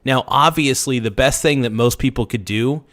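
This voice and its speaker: Slightly hoarse man hosting a livestream. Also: medium pitch, moderate pace, fairly bright tone, no echo, clean studio sound. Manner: hypes subscribers, slangy and loose. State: slightly hoarse, losing his voice. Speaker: livestream host. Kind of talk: casual livestream chat.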